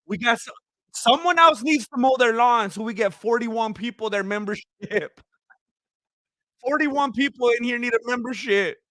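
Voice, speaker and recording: This young man's high, bright voice carries a casual livestream as he reads viewer comments, erupting in laughter and exclamations before softening into sincere thanks. He has gone hoarse after hours of talking. His pace is moderate, and the close, dry audio has no room sound.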